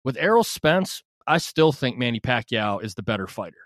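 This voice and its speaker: A man in casual podcast chat, reasoning through his take in an easy, relaxed way with plenty of fillers. His voice is mid-pitched for a man. The sound is close and dry. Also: moderate pace, no echo. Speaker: podcast co-host.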